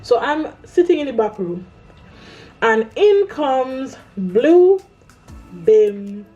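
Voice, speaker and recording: A woman tells a personal story in a relaxed vlog style, speaking her own quoted lines with lively flair. Her voice sits a little high yet sounds mellow and warm. Soft music plays faintly underneath. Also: slow pace, highs cut off. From Caribbean island. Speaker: vlogger. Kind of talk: casual storytime monologue.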